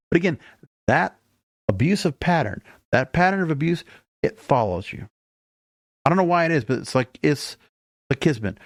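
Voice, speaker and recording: High-pitched man hosting, dry close sound. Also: no echo. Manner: reflective, circles back to repeated points. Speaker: podcast host. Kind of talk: commentary on an interview clip.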